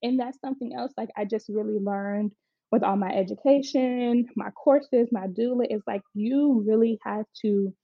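A woman's voice: mid-range voice, vocal fry, no echo. Chatty young woman, dull dry recording. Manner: chatty, frank, quotes people in lively voices. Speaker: mother telling her birth story. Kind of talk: casual personal storytelling.

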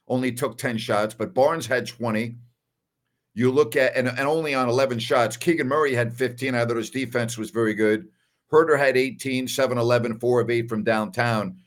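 A man from New York hosting a solo basketball postgame livestream in a casual, emphatic way, often repeating himself. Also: mid-range voice. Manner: emphatic, repeats "all right" a lot. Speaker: host of a basketball postgame show.

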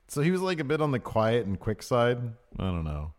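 A man's voice: mid-range voice, sing-song, a little fast. A man co-hosting a casual wrestling recap, chatty, laughing easily and trailing off with fillers. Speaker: co-host.

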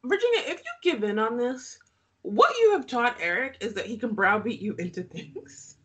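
A woman's voice: a little high, sing-song, moderate pace, fairly bright tone. A woman co-hosting a podcast, recapping a reality show in casual chat, often laughing and making sarcastic asides.

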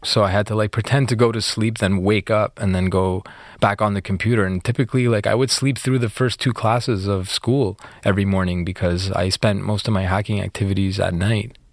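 Low-voiced man telling his story. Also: fairly quick, dry recording, studio quality. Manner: relaxed, filler-heavy retelling with acted quotes. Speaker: interview guest. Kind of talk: casual storytelling.

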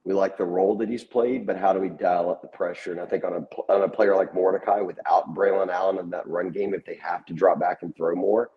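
A man's voice: low voice, steady tone, fast, few pauses, muffled recording. A man co-hosting a sports podcast, chatting casually and retelling what players told him. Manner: conversational storyteller, retelling player quotes.

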